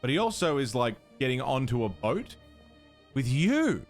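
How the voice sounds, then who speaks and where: Game music plays as a man with a medium-pitched voice talks through a puzzle game on stream at a normal speed. Very animated, he still mutters and counts quietly to himself as he works it out.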